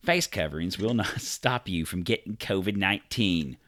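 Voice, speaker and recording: A man's voice: low voice, expressive, normal speed, fairly bright tone. A man co-hosting a casual podcast, reading news stories aloud with jokey asides, tripping over names and swearing as he goes.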